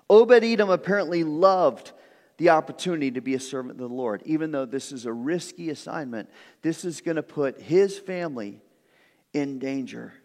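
High-voiced preacher in a reverberant hall. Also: male voice. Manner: earnest, animated storytelling with repeated words at starts. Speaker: pastor. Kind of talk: sermon. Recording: long reverb of a large room.

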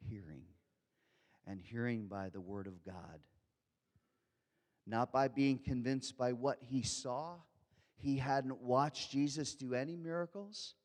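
A pastor with a medium-pitched voice preaches a sermon in animated style, shifting from soft asides to loud, fervent, shouted quotes. He uses a handheld or headset microphone in a large church hall, and the recording carries a long hall reverb.

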